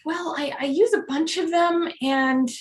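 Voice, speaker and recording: A woman playing a halting, wry, suspicious customer in an improv scene. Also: very high-pitched, voice pushed up.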